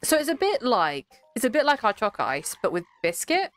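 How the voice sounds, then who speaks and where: A woman's voice: on the high side, huge pitch swings, normal speed, fairly bright tone, no echo, faint music behind. A young woman streaming, chatting casually with her live chat in a rambling, giggly way.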